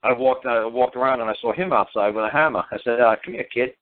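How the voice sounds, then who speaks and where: Over a tinny talk radio phone line, a middle-aged guest with a medium-pitched voice talks fast as he spins casual stories. His delivery is rambling and repetitive, blunt, and full of profanity.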